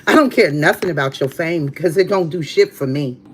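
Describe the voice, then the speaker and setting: A woman hosting a live stream, telling a story to her chat in a blunt, profane, animated way. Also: low-pitched, brisk. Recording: steady background noise with passing vehicles.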